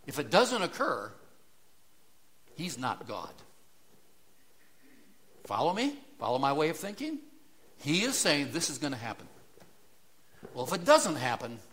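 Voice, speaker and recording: A man's voice: medium pitch, fairly bright tone. A man preaching a sermon, emphatic and full of rhetorical questions.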